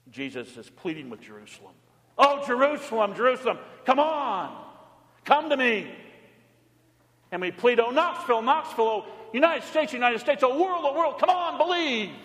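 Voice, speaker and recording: A high-voiced man pastor delivers a pleading, impassioned sermon. His calls rise loud and urgent, then drop to hushed low tones. The long reverb of a large church hangs around every phrase. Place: church sanctuary.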